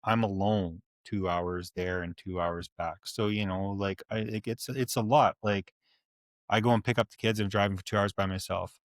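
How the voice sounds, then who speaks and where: A man's voice: fairly low pitch, fairly even intonation, normal speed, dry recording, studio quality. A man in his forties co-hosting a podcast, telling a candid, rambling story and swearing freely. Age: 40s. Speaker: podcast co-host. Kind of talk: casual chat.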